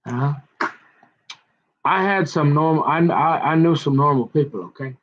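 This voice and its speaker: A man's voice: on the high side, measured pace, muffled recording. A man doing a rambling, self-mocking comic monologue. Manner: rambling, self-mocking, slips into put-on voices. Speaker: comedian.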